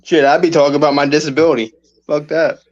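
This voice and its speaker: A man's voice: a little high, steady tone, fast, dull audio, crowd noise. A man in a casual chat, blunt and swearing casually.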